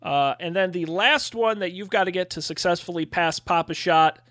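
A man's voice: sits high, moderate pace, fairly bright tone, no room sound. A man running a tabletop game as game master, chatty and full of "uh" fillers.

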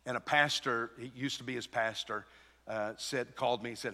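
A man preaching a sermon as pastor, moving from a quiet told story to emphatic, rising preaching. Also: mid-range voice, lively intonation, moderate pace, in a large hall.

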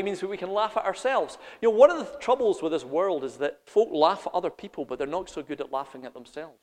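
A man preaching a sermon, animated, swinging between loud emphasis and quiet intensity, laughing as he goes. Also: sits high, quick pace, few pauses, long reverb tail.

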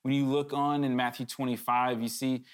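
A man's voice: medium pitch, flat delivery, normal speed, clean tone. A male preacher delivering a sermon in a mid-range voice. He speaks earnestly and with urgency, in a conversational way, with candid asides and restarts, and his voice rises sharply whenever he presses a point.

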